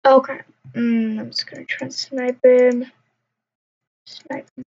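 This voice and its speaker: A young woman with a fairly high voice talks slowly and loosely while she plays, mumbling to herself and tossing out jokey trash talk. The sound is dull and lo-fi, like a cheap home mic. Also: flat delivery, a little mellow. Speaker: gamer. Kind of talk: casual gameplay commentary. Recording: dull lo-fi recording.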